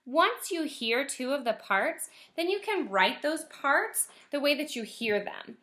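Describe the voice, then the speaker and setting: Bright-voiced first grade teacher. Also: female voice, high-pitched, very animated. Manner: slow, stretched-out sounding of words; gentle, encouraging teacher voice for young kids. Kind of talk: recorded remote lesson for children.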